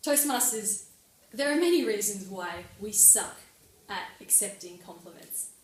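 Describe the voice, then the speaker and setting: A young woman giving a prepared club speech with lively, personal, lightly humorous delivery. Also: mid-range voice, unhurried. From Australia. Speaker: club speaker. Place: meeting room. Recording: echoey room from far off.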